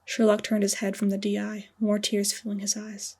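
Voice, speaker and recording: Breathy woman narrating an audio story. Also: medium pitch, monotone, normal speed, a little mellow. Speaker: fanfiction author reading her story.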